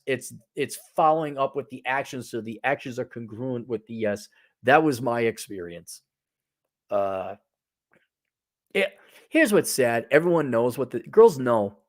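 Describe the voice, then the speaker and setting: A man hosting a casual livestream, reading out viewer donations and answering them bluntly and sarcastically, swearing freely, with wide swings in pitch and loudness.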